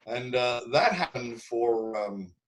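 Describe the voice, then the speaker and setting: An older man from Canada sits in as a guest, telling stories in a loose, lively way. His voice sits at a middling pitch, and he acts out the voices of the people he quotes. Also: takes it slowly, rough recording. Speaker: guest drummer. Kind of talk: casual interview storytelling.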